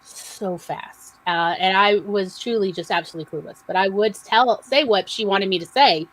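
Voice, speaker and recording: A woman's voice: medium pitch, fairly quick, fairly bright tone, low-quality recording. A woman with a Southern American accent, co-hosting a livestream and chatting casually as she reads out audience comments with her own asides. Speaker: podcast co-host.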